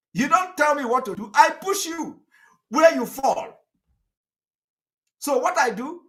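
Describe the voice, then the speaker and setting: A man's voice: high-pitched, fairly bright tone. A man giving a combative, mocking live political broadcast, laughing at his critics. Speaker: activist broadcaster.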